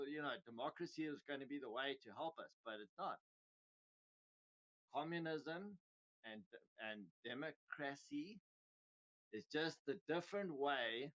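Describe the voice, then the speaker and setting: A man's voice: a little high, fairly bright tone. A middle-aged man hosting a crypto livestream, ranting casually in a profane, rambling, heated way. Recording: dull lo-fi sound.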